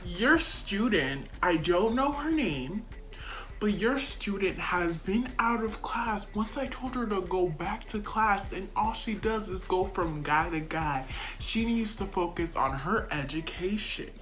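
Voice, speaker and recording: A woman's voice: medium pitch, animated, a little slow, a bit bright, faint music behind. A young woman putting on the voice of a stern male school staffer who lectures and accuses, reenacting him in a storytime vlog. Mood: lecturing.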